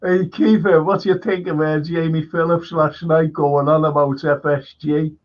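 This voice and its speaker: A man's voice: fairly high pitch, level tone, normal speed. A man hosting a livestream, chatting casually and telling rambling anecdotes with many restarts. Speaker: livestream host. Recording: dull lo-fi stream audio.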